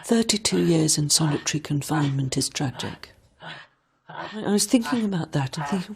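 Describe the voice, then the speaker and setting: Woman thinking out loud, low gravelly voice, kinda husky. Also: animated. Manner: slow, thoughtful. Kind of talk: reflective interview.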